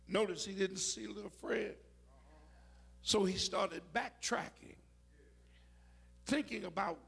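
A man preaching a sermon, telling stories with dramatic shouted peaks. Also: high voice, gravelly, husky.

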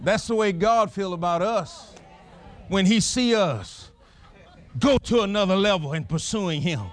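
A man preaching a sermon as a pastor, with a dramatic storytelling manner that breaks into shouted exclamations. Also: high voice, unhurried.

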